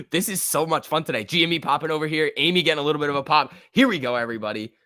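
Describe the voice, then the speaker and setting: A young man hosting a casual stock-market livestream, talking excitedly, laughing often and reading chat messages aloud. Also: fairly high pitch, quick pace, no echo, clean studio sound. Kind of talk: casual live-stream chat.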